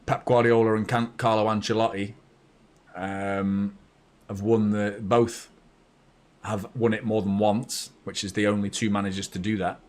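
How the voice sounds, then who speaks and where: A man hosting a live match watchalong, chatty and blunt, bursting into excited shouts when his team scores. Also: lowish voice, unhurried. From north of England. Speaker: fan channel host.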